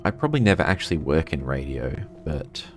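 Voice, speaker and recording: A man's voice: a bass voice, sing-song, brisk, soft background music. An Australian man streaming a game, chatting casually and rambling while reading his chat aloud.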